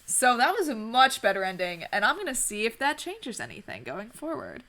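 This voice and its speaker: A woman's voice: on the high side, wildly swooping pitch, normal speed, pushed and bright. A young woman casually commenting on a game she plays, chatty and playful. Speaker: let's play host.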